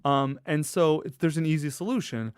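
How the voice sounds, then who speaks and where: A man's voice: a little high, normal speed, clear, resonant tone, dry recording, studio quality. A man, a podcast guest, telling personal stories in a casual, emphatic way, swearing now and then. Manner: animated, emphatic, casual swearing, acts out quoted friends. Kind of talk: casual conversational storytelling.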